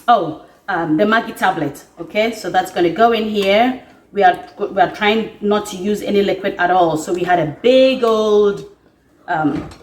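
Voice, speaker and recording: A woman's voice: mid-range voice, a little mellow, slight background noise. A woman giving a casual home cooking demonstration in her kitchen, chatting and often checking in with her listeners. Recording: echoey kitchen, mic at a distance.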